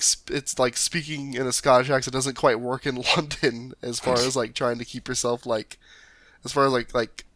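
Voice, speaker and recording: A man co-hosting a podcast in casual chat, halting and repeating words, laughing often. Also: medium pitch, bright, forceful tone, no echo. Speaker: podcast co-host.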